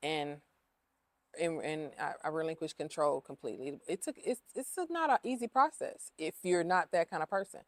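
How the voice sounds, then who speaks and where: A woman's voice: deep voice, lively intonation, moderate pace, dry recording. A woman who owns a cleaning business, talking openly in a casual interview, emotional and repeating herself with lots of fillers. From Ohio.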